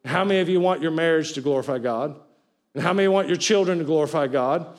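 Man preaching in a church, high voice, goes from shouting to almost quiet, keeps asking the room to repeat after him. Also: fast. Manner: preaching, calls on the congregation to repeat words; swings between loud cries and low, quiet lines. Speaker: pastor. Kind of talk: sermon. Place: church sanctuary with an audience, also streamed.

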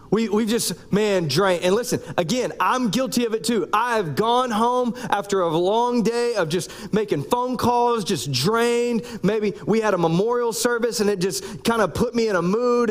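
A man with a high voice delivers a sermon from the pulpit in his thirties, speaking. He preaches in a loose, conversational way, cracking jokes and pausing between his phrases. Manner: joking, conversational preaching with pauses. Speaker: pastor.

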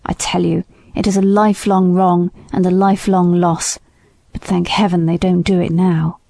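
Brief: indignant old male horse, low and hushed, mellow tone, dry read, as a woman narrator puts him on. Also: flat delivery, normal speed, vocal fry, no room sound.

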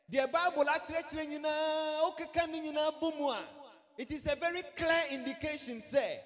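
A Ghanaian man preaching a sermon as a pastor. He mixes English and Twi and rises to shouts to stress his points. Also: very high voice. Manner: switches between English and Twi, rising to shouts for emphasis. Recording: long hall reverb.

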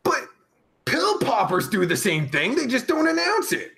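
Guy putting on a high gravelly raspy perv host, swears nonstop, bright and sharp. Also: huge pitch swings, unhurried, full character voice. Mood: cocky joking. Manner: crude, rambling, swears constantly. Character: crude foul-mouthed male pervert show host. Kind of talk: comedic live stream chat.

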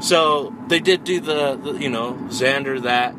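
A man in casual chat, retelling a movie with lots of swearing and animated energy. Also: medium pitch, measured pace, noisy background.

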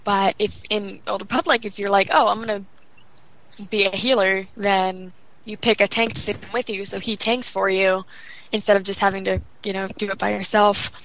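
Young adult woman, casual guest, fast rambling delivery full of fillers. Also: medium pitch, flat delivery, fairly bright tone, rough recording. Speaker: guest gamer. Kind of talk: casual chat.

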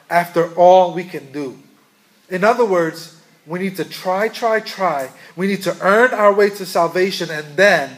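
A man's voice: high-pitched, fairly bright tone. A man preaching a sermon to a congregation, earnest and asking them questions as he goes. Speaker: pastor.

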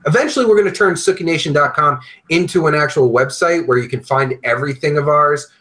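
A man's voice: on the high side, quick pace, a bit bright, poor audio. Blunt, profane male podcast host. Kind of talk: casual podcast chat.

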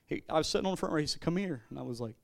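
Male pastor, high voice, excitable sermon delivery with stammering restarts, dry close sound. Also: rapid-fire, vocal fry, no echo. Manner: animated, swings between loud declarations and quiet storytelling, stammering restarts.

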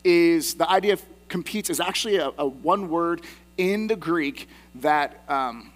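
A man's voice: a little high, a little slow, faint music behind. A man in his thirties, a pastor preaching a sermon in a conversational, self-deprecating way with personal asides.

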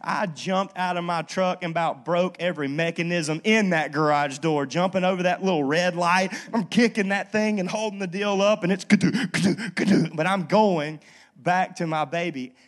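A man preaching a sermon as pastor, talking in a casual, lively storytelling way and checking in with the congregation. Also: high-pitched, normal speed. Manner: conversational, lively storytelling with frequent "okay?" asides. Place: church.

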